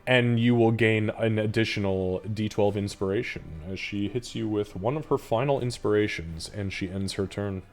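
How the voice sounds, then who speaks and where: Swearing, animated man game master. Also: lowish voice, normal speed, few pauses, faint music behind. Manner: animated and profane, swears freely. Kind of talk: narrating a tabletop game live.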